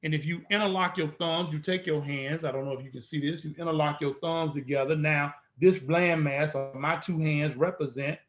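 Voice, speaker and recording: High-voiced emphatic male lecturer. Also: fairly even intonation, moderate pace, hardly any pauses, a bit bright, muffled recording. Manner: emphatic, repeats points, rhetorical questions. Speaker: instructor. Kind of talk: teaching lecture.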